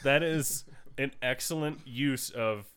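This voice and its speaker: A man's voice: mid-range voice, slow pace, a bit bright, smooth. A man co-hosting a podcast, joking dryly in casual chat and reading out film facts. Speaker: podcast co-host.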